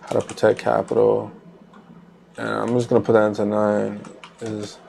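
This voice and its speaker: A man's voice: lowish voice, monotone, moderate pace, vocal fry, darkish tone, slight background noise. A man hosting a trading channel, talking casually while he trades live, rambling loosely with repeated phrases and fillers.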